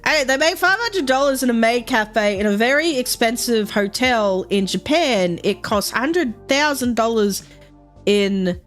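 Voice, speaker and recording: Lively, foul-mouthed woman streamer. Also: a little high, unhurried, soft background music. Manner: swears freely, animated storytelling with frequent laughs. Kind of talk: casual chat while gaming.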